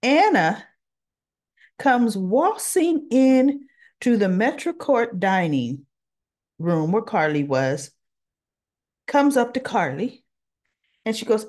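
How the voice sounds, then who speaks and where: A woman hosting a casual soap opera recap vlog, chatty and expressive as she retells the episode. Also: on the high side, slow pace, pauses often. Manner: chatty and expressive, acts out quotes with laughs.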